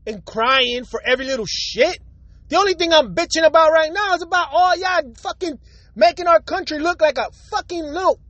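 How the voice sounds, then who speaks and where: A man's voice: extremely high pitch, fairly bright tone, dry recording, lo-fi sound. A man from the United States ranting hard at his viewers in a heated, blunt, profane way. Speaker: vlogger. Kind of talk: angry rant to camera.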